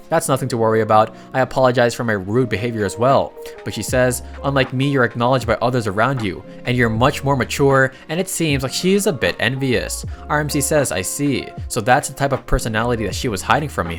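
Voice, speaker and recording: A man narrating a casual recap of a comic story, reading the characters' lines in his own voice and adding chatty asides. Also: medium pitch.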